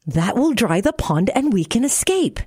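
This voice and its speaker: A woman's voice: medium pitch, sing-song, moderate pace, darkish tone, husky, no echo, clean studio sound. A woman voicing a fussy male frog who lectures in a prim tone, in a storybook reading.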